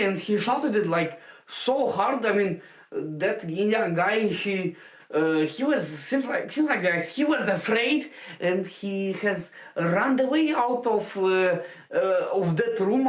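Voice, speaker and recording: Slow, halting woman in a roomy space. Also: mid-range voice. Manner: halting, many fillers and restarts. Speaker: stand-up comedian. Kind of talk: casual anecdotal storytelling. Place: home room. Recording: roomy home recording.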